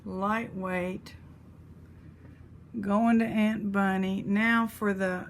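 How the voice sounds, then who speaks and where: Woman, unhurried, casual jewelry vlog chat, faint room noise. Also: medium pitch, fairly even intonation. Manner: chatty, talks to her pet and viewers while sorting jewelry. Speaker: jewelry reseller host.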